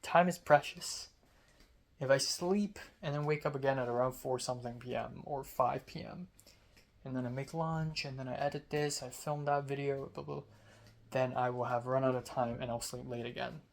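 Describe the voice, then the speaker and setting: A sleepy young man from Hong Kong, a student telling a rambling casual vlog story, talking slowly with many fillers. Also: mid-range voice, steady tone, creaky. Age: young adult. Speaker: student vlogger.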